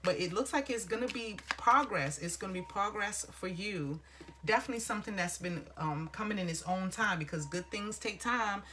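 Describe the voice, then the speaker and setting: Bright-voiced woman giving a tarot reading. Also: mid-range voice, normal speed, a little hiss or hum. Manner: warm, encouraging, calls listener honey; rambling with restarts and filler phrases. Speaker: tarot reader.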